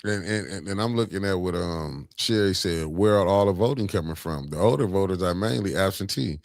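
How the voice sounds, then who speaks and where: A man's voice: low-pitched, a little fast, gravelly, darkish tone, no room sound, studio quality. A middle-aged man, hosting a casual political chat, laid-back and sarcastic, often laughing. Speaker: host.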